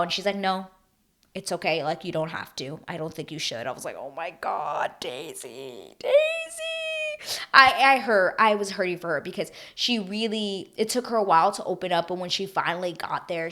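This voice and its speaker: A woman's voice: on the low side, sharp tone. A young woman recapping a reality dating show to her viewers in a chatty, gushing way, full of fillers and emotional asides. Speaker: recap vlogger.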